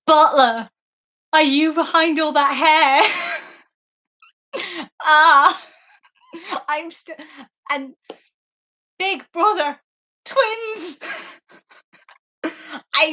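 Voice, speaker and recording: Slow-talking, emotional woman podcaster. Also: high voice, pushed and bright. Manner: effusive and emotional, with frequent laughs and fillers. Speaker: podcast host. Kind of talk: casual livestream book discussion.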